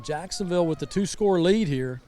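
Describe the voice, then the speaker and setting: A man commentating a high school football game live from a rainy outdoor stadium, chatty and storytelling. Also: expressive, normal speed, mellow. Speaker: sideline reporter and color commentator.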